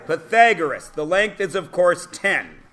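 A man teaches a classroom lesson, and his voice sits a little on the higher side. He is blunt and provocative and talks over his students. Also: very animated, unhurried, a bit bright. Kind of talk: classroom lecture.

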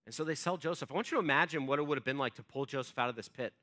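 A male pastor giving a sermon as relaxed storytelling, acting out quotes and using many fillers. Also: mid-range voice, very fast. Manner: conversational storytelling, acts out quotes, frequent fillers. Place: church.

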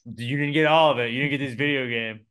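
A young man hosting a casual podcast chat, jokey and animated, jumping between loud bursts and low mutters. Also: quick pace, smooth. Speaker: podcast host.

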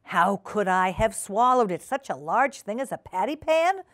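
A woman's voice: medium pitch, big pitch swings, normal speed, no room sound, clean studio sound, lightly acted. Give me a woman reading as a flustered storybook lady dog who sighs and hesitates. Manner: sighing, hesitant, stammering.

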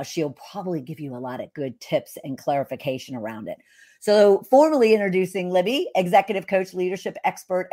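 A woman's voice: lowish voice, dark tone. Enthusiastic woman hosting an interview podcast. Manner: enthusiastic, effusive introductions. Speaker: podcast host.

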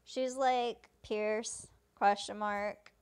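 High-voiced woman dubbing a game. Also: lively intonation, normal speed. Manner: casual paraphrasing, reads punctuation aloud. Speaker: let's-play host dubbing a game. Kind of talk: casual live translation of game dialogue.

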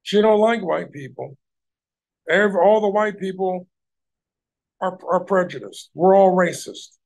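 A man's voice: sits high, unhurried, creaky, a little mellow. A man hosting a livestream, ranting heatedly at people in his chat and swearing heavily. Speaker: livestream host.

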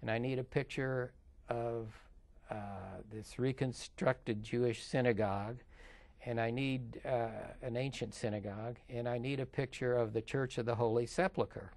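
An older man sits as an interview guest and tells his stories at a relaxed, rambling pace. He stops often on fillers and restarts, and his voice sits in a typical middle pitch for a man. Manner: rambling, chatty, with filler pauses. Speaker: interview guest, underwater photographer. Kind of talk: casual interview storytelling.

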